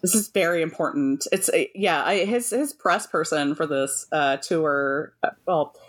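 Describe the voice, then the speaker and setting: A woman's voice: deep voice, unhurried. A woman co-hosting a podcast, chatting casually, often laughing and swearing as she tells a story. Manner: lively, laughing often, profane. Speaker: podcast co-host. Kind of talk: casual chat.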